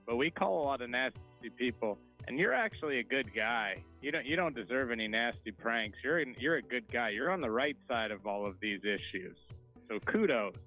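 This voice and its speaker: Brief: male prank caller, bright edge, deadpan, slightly muffled line. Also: mid-range voice, normal speed, soft background music.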